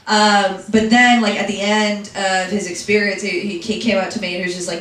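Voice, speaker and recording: Young female stand-up from Philadelphia; chatty, self-deprecating, recorded from afar in a boomy club with crowd laughter. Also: level tone, a little fast, fairly bright tone, a little hiss or hum. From Philadelphia, USA. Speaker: stand-up comedian. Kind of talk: stand-up storytelling. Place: comedy club stage. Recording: echoey room, distant mic, audience laughter.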